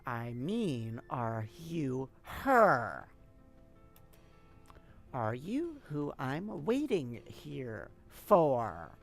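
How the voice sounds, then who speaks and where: A streamer voicing a tough, secretive troll girl from a game, speaking in a gruff, curt and irritable way. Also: medium pitch, lively intonation, slow pace, pauses often, soft background music, pitched below the performer's own voice, full character voice. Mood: suspicious. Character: tough secretive female troll lurking in bushes.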